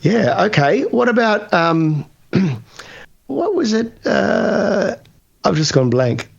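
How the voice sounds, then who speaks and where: A man's voice: high-pitched, big pitch swings, slow, gravelly, slightly rough, dull audio. A man, a voice actor guest on a podcast, chatting playfully with many restarts. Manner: playful, hesitant, full of restarts. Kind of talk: casual podcast chat.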